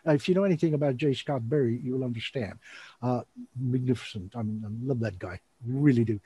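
A man hosting an online show, chatting casually in a rambling, animated way and laughing often. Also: medium pitch, fairly quick, slightly rough, no echo. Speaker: show host and magician.

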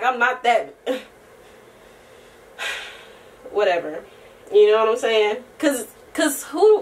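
A young woman vlogger chats casually to her camera from far off the mic, rambling loosely with lots of slang, swearing, and quick laughs. Her slightly high voice swings freely up and down, and now and then she breaks into soft singing.

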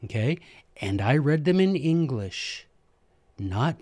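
A former teacher with a drawl hosts his own history show, animated and quick to poke fun at himself. His voice sits in an ordinary middle register for a man. The sound is dry and close, with no room around it. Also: mid-range voice, no echo. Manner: animated, self-deprecating and joking. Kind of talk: casual history storytelling monologue.

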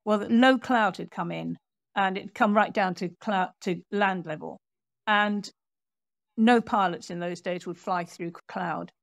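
A woman author, a guest on an interview podcast, telling a history story in a lively storyteller's way and acting out what people said. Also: medium pitch, unhurried, creaky, no echo, studio quality. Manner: animated storyteller, acts out quotes.

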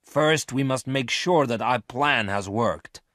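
A man voicing a scheming male space thief who speaks sharply and forcefully, in a dry, close recording. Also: medium pitch, takes it slowly, dry recording, voice pushed up. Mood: commanding.

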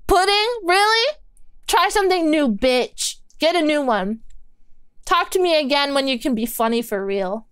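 A woman's voice: high-pitched, animated, normal speed, no room sound, studio quality. A woman streaming a game, chatting casually with her viewers in a teasing, sarcastic, giggly way while she eats. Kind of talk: casual gaming stream chat.

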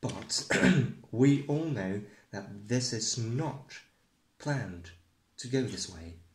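A man doing a comedic mock newscast as the presenter, rambling and deadpan. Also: lowish voice, drawn-out words. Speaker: parody news presenter. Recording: echoey room.

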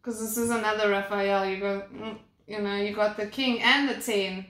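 A woman's voice: mid-range voice, fairly even intonation, normal speed, a bit bright. A young woman doing a casual spoken card reading, rambling along with many fillers and restarts. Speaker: tarot and oracle card reader. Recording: echoey room.

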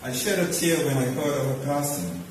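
A man giving a halting, emotional eulogy at a wake, often dropping quiet. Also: medium pitch, big pitch swings. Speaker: mourner giving a tribute. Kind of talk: spoken eulogy. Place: large church hall. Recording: echoey church from far off, noisy.

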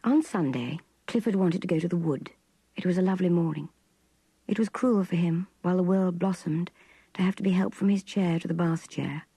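Hushed older woman reading a novel. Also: lowish voice, husky, no room sound, rough recording. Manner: hushed, intimate, measured. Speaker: reader. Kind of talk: literary audiobook narration.

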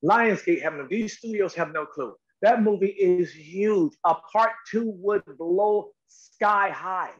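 A middle-aged man with a high-pitched voice tells stories as a talk show guest. He is lively and emphatic and puts on voices for the people he quotes. The audio is a little dull and lo-fi. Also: takes it slowly. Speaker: actor guest. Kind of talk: animated interview storytelling.

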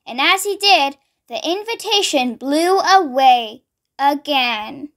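A young woman hosting a children's read-along, reading slowly, carefully and expressively. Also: sits high, animated, fairly bright tone. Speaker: storybook read-along host. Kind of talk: children's read-aloud narration.

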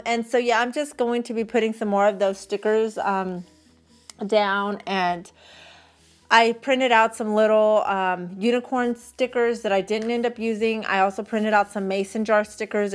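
A middle-aged woman with a Texan accent, chatting casually and rambling as she decorates her planner for a vlog. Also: mid-range voice. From Texas. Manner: chatty, rambling, thinks aloud. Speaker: planner vlogger.

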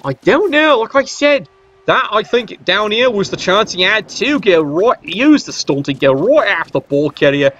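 A man's voice: high-pitched, big pitch swings, moderate pace, a bit bright, dull audio, slight background noise. A man giving casual, sarcastic play-by-play commentary on a video game match. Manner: cheeky, sarcastic banter.

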